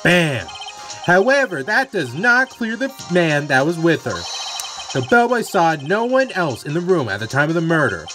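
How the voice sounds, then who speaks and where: A man voicing a brash young male defense lawyer who presses witnesses with loud exclamations. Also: fairly high pitch, sing-song, moderate pace, voice pushed up. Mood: pressing. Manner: punchy, exclaiming. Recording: music playing behind.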